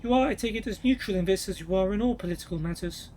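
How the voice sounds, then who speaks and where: Cold, scheming queen with a cutting, polite edge, voiced by a man reading aloud in a high voice. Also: quick pace, a little mellow, slight background noise, close to an everyday voice, rough recording. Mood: breezy. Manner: cool, cutting, politely condescending. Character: scheming ambitious queen mother, woman.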